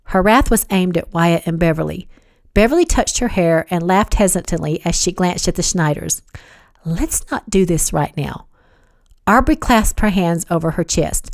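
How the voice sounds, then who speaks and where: Give me a woman author narrating her audiobook, low-pitched and dry. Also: normal speed, dry recording. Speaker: author reading her novel.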